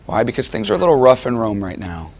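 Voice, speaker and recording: A man's voice: mid-range voice, big pitch swings, fast, darkish tone. Conversational man preaching a sermon. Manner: conversational, emphatic, voices quoted figures. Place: chapel or lecture room with audience.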